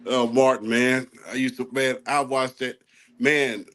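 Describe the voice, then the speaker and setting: A man from the American South chatting on a podcast and telling a relaxed family story. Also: medium pitch, a little slow. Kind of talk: casual podcast chat.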